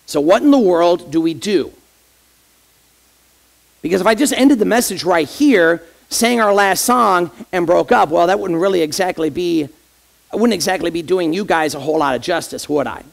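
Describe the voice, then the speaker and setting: Gravelly associate pastor preaching. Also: male voice, high voice, lively intonation, normal speed. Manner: conversational, addresses the congregation directly with rhetorical questions. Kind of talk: sermon.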